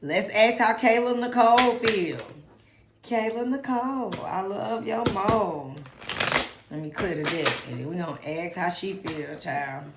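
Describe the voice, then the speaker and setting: Chatty tarot reader, echoey room. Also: female voice, medium pitch, unhurried, heavy background noise. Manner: chatty, dramatic, talks to spirit and viewers. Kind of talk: casual tarot reading.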